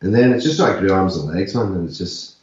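A man's voice: sits low, lively intonation, quick pace. Man, echoey and distant. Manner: rambling, loose, many "like" and "sort of" fillers. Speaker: actor and musician, guest. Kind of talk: casual interview talk. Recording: echoey, distant, slightly dull remote audio.

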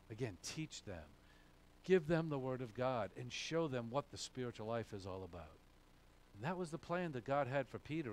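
A male pastor preaching a sermon, emphatic, asking questions and answering them himself. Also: medium pitch. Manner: emphatic, asks and answers his own questions.

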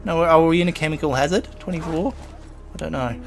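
A man talks his way through a survival game in a fairly high-pitched voice. He chats casually, chuckles often, and gets flustered when danger hits. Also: brisk, gravelly, soft background music. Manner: chatty, chuckling, flustered under pressure. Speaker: gaming channel host. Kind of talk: let's play commentary.

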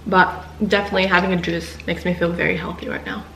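A woman's voice: on the low side, big pitch swings, fast, fairly bright tone, a little hiss or hum. A young woman vlogging at home in her kitchen, talking candidly and giggling between thoughts. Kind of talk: casual vlog chat. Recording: echoey room.

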